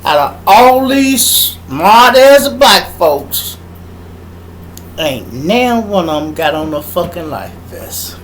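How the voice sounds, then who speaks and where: Profane, animated Chicago man. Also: sits high, slow pace, slight background noise, poor audio. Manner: profane, emphatic, acts out voices and sound effects. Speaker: podcast host. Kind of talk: animated storytelling monologue.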